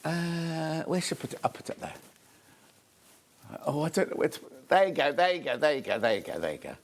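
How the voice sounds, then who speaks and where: A man from the West Midlands of England hosts a live shopping show from a TV studio. His talk is chatty and rambling, full of quick asides. His pitch sits a little high and swoops widely as he goes. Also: expressive. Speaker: shopping channel host.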